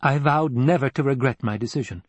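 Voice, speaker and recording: Male reader doing a proud young noblewoman, defiant, a bit husky, dry close sound. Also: mid-range voice, brisk, no echo, voice pushed up, lightly acted. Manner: defiant, at times pleading. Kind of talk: audiobook character reading.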